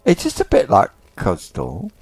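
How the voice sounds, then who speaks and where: Slow, lively low-voiced male gamer. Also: slightly rough, dry recording, soft background music. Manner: muttering to himself, thinking aloud and spelling out words. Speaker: gamer playing an online role-playing game. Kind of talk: casual let's-play commentary.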